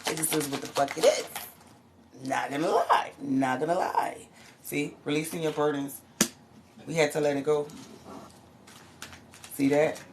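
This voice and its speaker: A woman's voice: deep voice, unhurried, long pauses, background noise. A woman giving a casual, profane tarot reading to her viewers, who often breaks into laughs and exclamations. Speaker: tarot reader.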